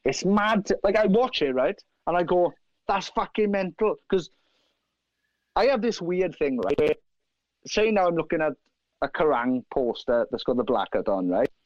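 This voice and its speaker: Welsh man, lively swearing storyteller, dry close sound, slightly dull lo-fi. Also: on the high side, moderate pace, dry recording. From South Wales. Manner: animated, profane, acts out other people's lines. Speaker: guest musician. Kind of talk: casual anecdote telling.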